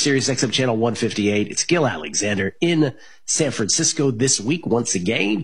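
A man hosting a sports betting radio show, talking casually with plenty of fillers and restarts. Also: mid-range voice. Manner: rambling, many fillers and restarts.

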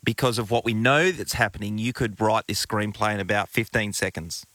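A man's voice: lowish voice, brisk, fairly bright tone, dry recording. A man co-hosting a radio chat show, full of jokey, teasing banter. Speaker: radio co-host, former footballer.

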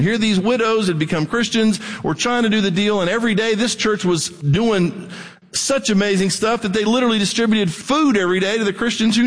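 A middle-aged male pastor preaching a sermon in an animated way, rising almost to a shout at his peaks. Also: high voice, long reverb tail.

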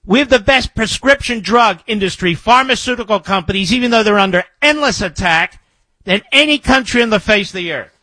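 A man's voice: high voice, animated, a little fast, bright, forceful tone, no room sound. A man hosting a talk radio show, delivering an emphatic monologue into a studio microphone and repeating key phrases for effect.

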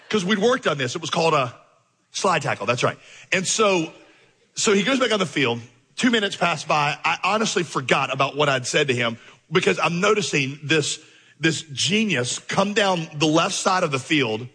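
A male pastor telling a lively story in a sermon, acting out the voices in his dialogue. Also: fairly high pitch, fairly quick, breathy edge, long reverb tail.

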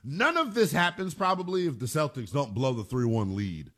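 A man's voice: medium pitch, sing-song, moderate pace, a bit bright. A man hosting a sports talk radio show, delivering an emphatic monologue and repeating phrases for punch.

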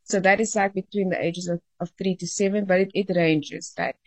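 A woman who teaches linguistics answers questions on talk radio in a lowish voice. She explains things in a friendly way, with fillers and small pauses, and the sound is dry and close. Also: fairly even intonation, dry recording. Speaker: linguistics professor, guest. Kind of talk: radio interview.

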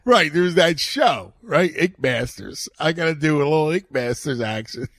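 A man's voice: fairly high pitch, lively intonation, moderate pace, a bit bright. A middle-aged man hosting a sports radio show, chatting loosely with a guest, laughing and trailing off. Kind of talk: casual chat.

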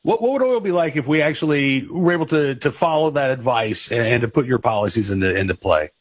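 Radio host guy, mid pitch, stumbling over his questions, dry booth sound. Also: expressive, slightly rough, no echo. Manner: halting, with many fillers and restarts. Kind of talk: interviewing a guest.

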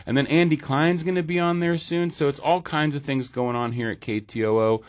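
A man hosting a local public radio pledge drive in the studio, chatting casually with a deep morning voice. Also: a little fast, no room sound. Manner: relaxed, chatty, with fillers. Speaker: radio host. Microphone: studio mic.

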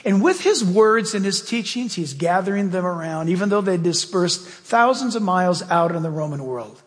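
A man preaches from the pulpit in a strikingly high voice. His talk is emphatic and conversational, full of folksy asides. Long reverb from a large church hall trails every phrase. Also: lively intonation, normal speed. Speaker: pastor. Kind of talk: sermon.

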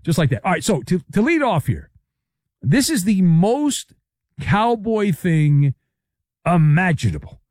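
Sarcastic, lively sports radio host, man. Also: high-pitched, unhurried, pauses often, no room sound, clean studio sound. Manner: sarcastic, riffing, playful asides. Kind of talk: sports talk monologue.

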